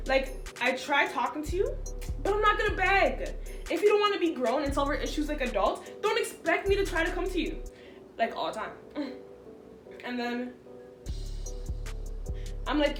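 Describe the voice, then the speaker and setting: A young woman vlogger telling a storytime about a falling-out, in an animated, exasperated way, full of "like". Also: sits high, moderate pace, long pauses. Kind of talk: storytime vlog. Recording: echoey room with faint background music.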